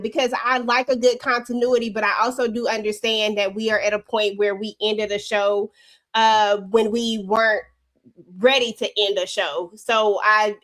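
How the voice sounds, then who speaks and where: A woman's voice: on the high side, a bit bright. A woman in casual chat recapping a TV episode, candid and rambling, with slang. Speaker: show recap host.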